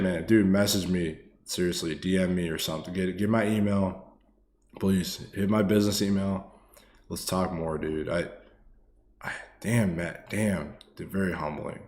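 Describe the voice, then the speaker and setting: A man giving casual live-stream stock chart commentary, excitable and loose, swearing freely and tagging lines with "man" and "okay.". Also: sits low, measured pace, roomy sound.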